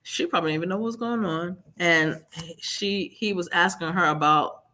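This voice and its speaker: Bright-voiced woman telling her story. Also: fairly low pitch, normal speed. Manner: animated storytelling, acts out others' quotes. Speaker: guest. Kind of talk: personal story in a live interview.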